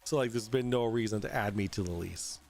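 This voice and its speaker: A young adult man hosting a casual livestream from home, tipsy, rambling and halting with lots of fillers and swearing. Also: lowish voice, creaky, a little mellow, faint music behind. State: tipsy from drinking. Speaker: host. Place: at home in an apartment.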